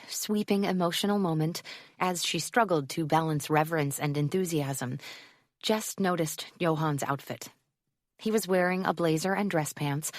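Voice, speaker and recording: A woman narrating a romance audiobook in a measured, even reading on a close mic. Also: sits low, no room sound. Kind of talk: scripted narration.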